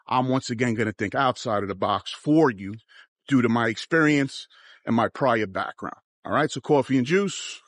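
A man's voice: mid-range voice, moderate pace, fairly bright tone, no echo. Earnest man giving cautionary advice. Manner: earnest, cautionary, repeats phrases like once again. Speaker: travel vlogger. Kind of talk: casual advice monologue to camera.

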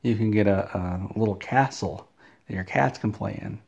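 A man's voice: fairly low pitch, moderate pace, gravelly, a little mellow, breathy edge, lo-fi sound. A man voicing a smug, pushy male game-company salesman in a brazen sales patter, close to his own voice.

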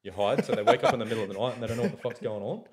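Very fast and lively, this young Australian man co-hosts a podcast and spins stories in a relaxed chat, his medium-pitched voice a little mellow with a breathy edge. Swearing heavily and laughing frequently, he imitates his mates' voices as he tells each tale.

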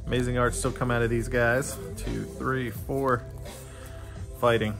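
A man's voice: medium pitch, flat delivery, unhurried, gravelly. A middle-aged man casually chatting as he opens trading card packs and reads out each card name. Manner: chatty, reads card names aloud in lists. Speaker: card unboxing host. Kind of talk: casual unboxing commentary. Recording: music playing behind.

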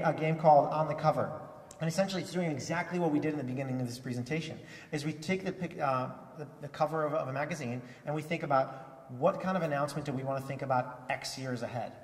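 A man with a fairly high voice speaks eagerly at a conference, stumbling and repeating words as he restarts his sentences. He is recorded from far off, and a long reverb from the large hall trails behind every phrase. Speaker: keynote speaker. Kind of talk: conference keynote speech.

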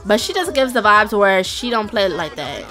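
A young woman giving casual, chatty let's-play commentary, talking straight to her viewers with excited squeals. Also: mid-range voice, fairly quick, faint music behind. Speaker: gaming YouTuber.

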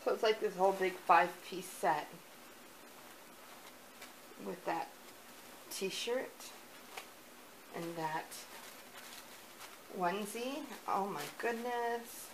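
Young woman vlogger, gushing unboxing chat, slow and breathy with excited gasps, faint background hiss. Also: medium pitch. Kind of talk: unboxing vlog, casual chat.

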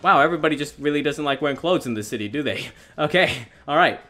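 A young man giving excitable, self-mocking gameplay commentary as a gaming YouTuber, often laughing at himself. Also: fairly high pitch, fast talker, soft background music.

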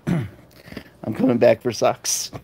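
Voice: expressive, very slow, dark tone, slightly rough. Streamer reading chat and cooing at kittens. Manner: reads viewer comments aloud and answers them; coos in a high baby-talk voice at kittens. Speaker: livestream host. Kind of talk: casual live chat with viewers.

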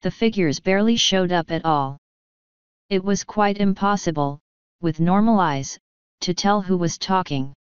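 A woman narrates an audiobook in a very crisp, lowish voice with a measured, wry delivery. She is close to the mic in a dry room, and the sound is a little dull. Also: no room sound.

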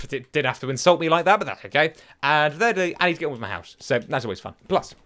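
This young host plays games with quick, slightly high, excitable chatter. He sings goofy chants and teases himself throughout his casual let's play.

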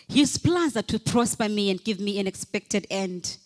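A woman's voice: mid-range voice, lively intonation, moderate pace, darkish tone. A woman pastor preaching a fervent sermon, calling out repeated hallelujahs and leading the congregation in declarations. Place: church hall. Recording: long hall reverb from a church.

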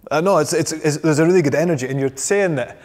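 A man's voice: a little high, quick pace, a little mellow. A man with a Scottish accent interviewing a poet in casual chat, sprinkling in Scots words. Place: arts centre. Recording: long reverb of a large hall.

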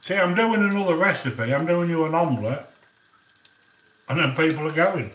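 A man's voice: on the high side, expressive, measured pace, long pauses, a bit bright, recorded from a distance. A man giving a casual cooking demonstration in a home kitchen, chatty, with rambling asides between his instructions. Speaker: home cook. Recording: roomy echo, voice from off-mic.

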